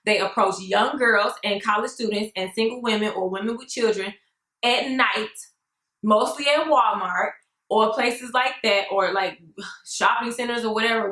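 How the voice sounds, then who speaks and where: A young woman telling a story on her vlog in a sassy, animated way, often calling her viewers "girl". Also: fairly high pitch, moderate pace, echoey room, low-quality recording. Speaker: vlogger.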